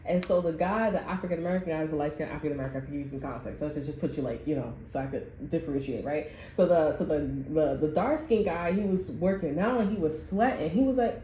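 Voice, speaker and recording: Woman reader, relaxed slangy storyteller, mellow tone, echoey room with faint hiss. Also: deep voice, fast talker, few pauses. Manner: loose, profane, slangy storytelling with frequent laughs. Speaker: tarot reader. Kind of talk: casual chat reading.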